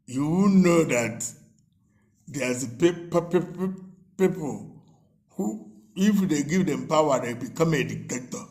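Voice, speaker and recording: A man's voice: mid-range voice, slow, pauses often, darkish tone. A man giving a mocking, repetitive political rant, stammering at times and slipping into Igbo. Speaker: political commentator. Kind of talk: ranting commentary.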